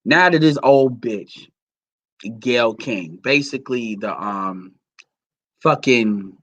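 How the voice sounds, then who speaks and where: A man's voice: medium pitch, animated, slow, a bit bright, no echo, highs cut off. Man ranting bluntly, dry close sound. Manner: blunt, heated, profane, rambling. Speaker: commentary vlogger. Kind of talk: profane ranting commentary.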